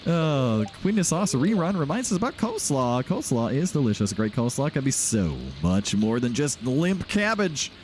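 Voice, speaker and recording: A man's voice: medium pitch, very animated, normal speed, hardly any pauses, faint music behind. A man hosting a casual, rambling video game playthrough, chatting and laughing often as he plays at home. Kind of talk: casual gameplay commentary.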